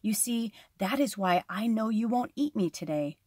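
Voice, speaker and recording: A woman voicing a wise, dreamy male desert lizard in a storybook reading, with a high, gentle delivery. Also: lively intonation, normal speed, husky, dry recording, studio quality. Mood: knowing.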